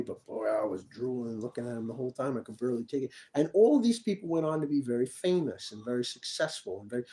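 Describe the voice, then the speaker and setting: A man talking in a loose, rambling monologue, stopping and restarting with repeated words. His voice sits at a middle pitch and has a soft, mellow tone. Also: rough recording.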